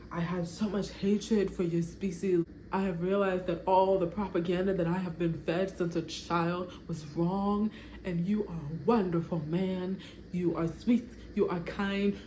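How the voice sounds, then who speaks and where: A woman voicing an alien bride who makes an earnest, halting confession of love in a soft voice. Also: mid-range voice, close to an everyday voice. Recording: echoey room, faint background noise.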